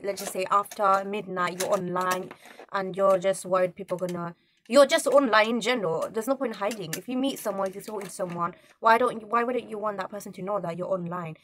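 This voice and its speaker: A woman's voice: medium pitch, noisy background. A young woman telling a story to camera in a casual vlog, indignant and rambling, with many restarts. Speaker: vlogger.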